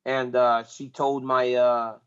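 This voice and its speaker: A man's voice: mid-range voice, flat delivery, slow pace, a bit bright, smooth, muffled recording. A man talking as a guest in casual chat, earnest and repeating himself as he searches for words.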